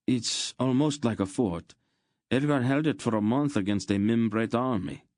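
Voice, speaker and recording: A man's voice: mid-range voice, normal speed, a little mellow, no echo, studio quality, voice pushed up, natural voice. A man voicing a young male archer guide who speaks urgently, as a storybook figure. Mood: explaining. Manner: urgent, pressing.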